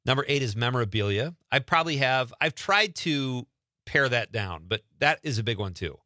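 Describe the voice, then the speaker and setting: A man's voice: medium pitch, animated, normal speed, sharp tone, no echo, clean studio sound. A man hosting a show, chatting casually and joking at his own expense. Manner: chatty, joking, self-deprecating. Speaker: show host. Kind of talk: casual radio-style chat.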